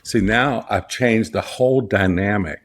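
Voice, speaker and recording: At a measured pace and with a voice on the low side, a middle-aged Southern man tells stories during an interview in the studio where he works as a portrait photographer and owner. He talks with earnest emphasis, regularly going back to restart and repeat his important phrases.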